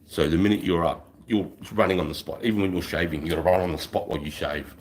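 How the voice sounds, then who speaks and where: On a livestream, a deep-voiced, middle-aged Australian talks fast with fairly even intonation. His casual story wanders, is peppered with swearing, and is punctuated by repeated "right?" tags.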